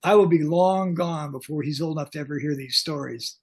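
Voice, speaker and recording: An older man with a gravelly, husky voice sitting a little higher than most men. He tells his tales bluntly and with humor, as a guest on a video-call interview. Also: a little fast. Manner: blunt, joking, animated anecdotes. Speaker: guest, pyrotechnics technician. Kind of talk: casual storytelling interview.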